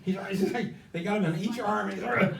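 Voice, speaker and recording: Heard from a distant mic in an echoey indoor room, an older man gives a campaign stump speech as a guest speaker, passionate and rousing, repeating phrases to press his points. His voice sits high, a bit bright, with vocal fry, and he talks fairly quickly.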